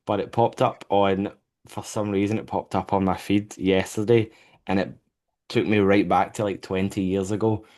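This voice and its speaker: A man's voice: deep voice, level tone, normal speed, a little mellow. A man hosting a podcast, chatting casually and enthusiastically, swearing now and then, recorded over a remote call. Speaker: podcast host.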